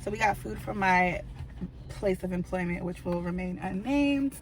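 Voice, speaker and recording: A woman's voice: fairly low pitch, moderate pace, over a noisy crowd, low-quality recording. Chatty young woman vlogging from a car. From Maryland, USA. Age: 20s. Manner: loose and rambling, lots of "like" and "um". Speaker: vlogger host. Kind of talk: casual storytime chat. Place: sitting in a parked car.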